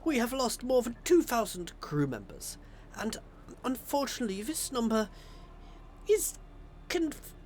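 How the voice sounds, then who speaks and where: A man's voice: very high voice, big pitch swings, a little slow, pauses often, darkish tone, slight background noise, exaggerated voice. A man voicing a stuffy, pompous male ship administrator as he reads video game dialogue aloud in a formal, fussy manner. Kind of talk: video game voice-over reading.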